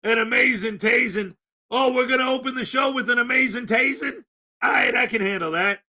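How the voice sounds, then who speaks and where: A man from Canada hosting a casual morning livestream, greeting viewers by name with loud, upbeat enthusiasm and a slightly rough throat. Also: extremely high pitch, fairly quick. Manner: upbeat, greeting chat names with shouted enthusiasm. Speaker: livestream host.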